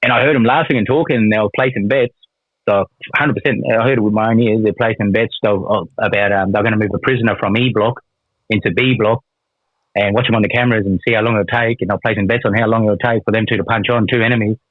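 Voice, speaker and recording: A man's voice: lowish voice, fairly even intonation, fast talker, no room sound. An Australian man telling a prison story in a rambling, casual way, swearing a lot and using many fillers. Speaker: guest, former prisoner. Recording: tinny phone-like line.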